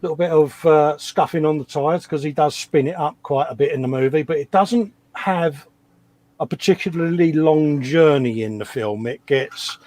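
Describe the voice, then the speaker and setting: A man's voice: fairly high pitch, normal speed, a little mellow. A middle-aged man, co-hosting a live stream in blokey, joking chat, often calling his friend mate. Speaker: co-host.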